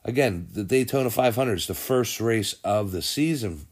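A man's voice: lowish voice, lively intonation, normal speed, darkish tone. A man hosting a casual sports podcast, rambling and thinking aloud as he goes through results and news, often correcting himself. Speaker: podcast host.

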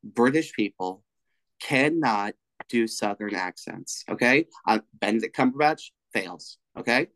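A man's voice: lowish voice, animated, a little slow, fairly bright tone, poor audio. A man co-hosting a podcast, chatting casually and emphatically, swearing freely as he makes his points. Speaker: podcast co-host. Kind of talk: casual chat.

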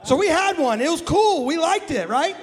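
A man from the Midwest, a guest pastor telling a comic story in a sermon, animated and jokey with bursts of shouting. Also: very high-pitched, normal speed. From American Midwest. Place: church sanctuary. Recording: long hall reverb in a church.

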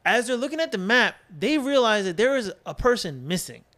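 A man casually telling a long story on a podcast, animated, swearing freely and acting out his friends' voices. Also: high voice, brisk. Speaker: podcast co-host.

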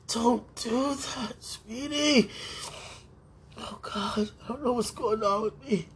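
Very breathy, tearful woman pleading. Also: fairly high pitch. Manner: pleading, halting, repeating herself. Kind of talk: emotional spoken prayer.

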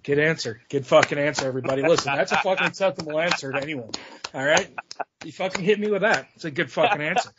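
A man's voice: on the high side, fast, dull audio, heavy background noise. A man hosting a podcast in crude casual chat, profane, teasing and rambling. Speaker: podcast host.

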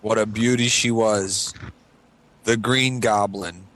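A man's voice: lowish voice, fairly even intonation, slow pace, fairly bright tone. A man casually reminiscing to friends about an old car, rambling and swearing. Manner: nostalgic, rambling, profane. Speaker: podcast co-host. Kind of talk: casual storytelling among friends.

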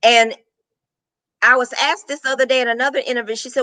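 A woman's voice: high voice, fairly even intonation, a little fast, long pauses, sharp tone, dry recording, low-quality recording. A middle-aged woman, a business coach, talking animatedly in a casual interview, laughing often and repeating words.

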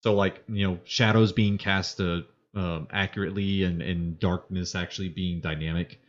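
A man with a lowish voice chats casually as a podcast co-host, rambling and playful. The sound is dull and lo-fi, and he keeps talking easily through any gap. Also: fairly even intonation, moderate pace. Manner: rambling, playful, hums and vamps while alone. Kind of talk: casual chat.

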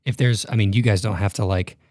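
A man's voice: fairly low pitch, steady tone, fast talker, a little mellow, no room sound, studio quality. A married man hosting a church podcast, chatting casually with a couple and affirming them often. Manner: affirming, frequent "yeah" backchannels. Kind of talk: warm casual interview chat.

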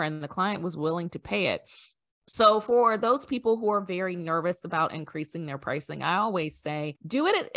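Lower-voiced woman coach, lively storytelling. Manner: animated storytelling, acting out quoted dialogue. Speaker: wedding industry sales coach. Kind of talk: podcast interview guest.

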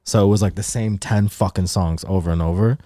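A man in his twenties, a podcast host, telling a profane, animated story in casual chat and acting out the people in it. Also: low voice, a little fast, no room sound, clean studio sound.

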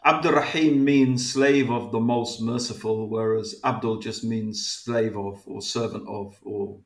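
A man's voice: fairly low pitch, fairly even intonation, measured pace. An English man with a mixed, once-posh accent, a podcast guest who talks in a rambling, hesitant way. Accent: English, posh schooling mixed. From England. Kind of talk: casual interview chat. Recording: echoey room.

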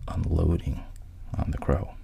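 A man's voice: extremely low pitch, steady tone, a little slow, gravelly, warm tone, highs cut off, slight background noise. A man casually retelling a film's plot, quoting the characters in his own voice and often sinking to a whisper. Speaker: storyteller retelling a film plot.

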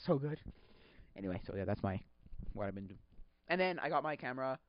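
Rambling, excitable podcast host man. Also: mid-range voice, a little fast. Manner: rambling, excitable, laughs often, acts out quotes. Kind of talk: casual solo chat. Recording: dull lo-fi sound.

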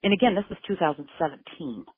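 A mother gives an interview about looking for her missing son, animated, intense, and emotional as she quotes what people said. Her lowish, slightly rough voice moves at a quick pace. The sound has a narrow, phone-like quality and no room sound.

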